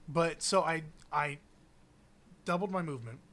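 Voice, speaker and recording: A young man recapping a tabletop game in casual chat, animated and laughing as he tells it. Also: a little high, a little slow. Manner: animated storytelling with frequent laughs and fillers.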